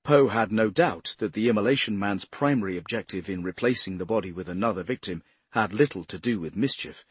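A man narrating a crime novel as an audiobook, in a steady, measured voice. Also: fairly low pitch, husky, dry recording. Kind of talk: scripted narration.

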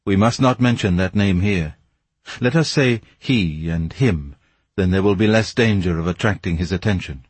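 A man voicing a grave, secretive Persian who speaks slowly and in a measured way. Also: low-pitched, husky, dry recording. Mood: hushed.

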